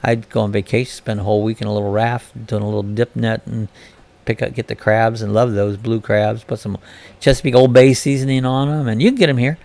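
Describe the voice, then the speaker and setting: A man's voice: lowish voice, level tone, a little fast, creaky, a little mellow. A man from Florida hosting a casual live-stream chat, reading viewers' comments aloud and answering them in a chatty way.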